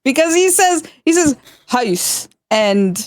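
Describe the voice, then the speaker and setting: A woman's voice: medium pitch, no echo. A woman streamer joining the chat, teasing her friend playfully and laughing easily. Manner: teasing, giggly, quick to laugh. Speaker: fellow streamer guest.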